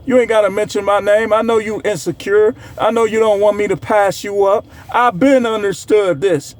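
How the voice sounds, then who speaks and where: A man's voice: fairly even intonation, moderate pace. A man delivering a heated, scolding commentary rant, sarcastic and mocking, throwing insults at his audience. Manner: heated, scolding, sarcastic, swings pitch to mock. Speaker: commentary creator. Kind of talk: ranting commentary.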